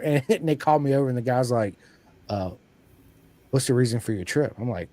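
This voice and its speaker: A man hosting a podcast in casual chat, an energetic storyteller who acts out quoted lines. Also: mid-range voice, fast talker. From United States. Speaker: podcast host.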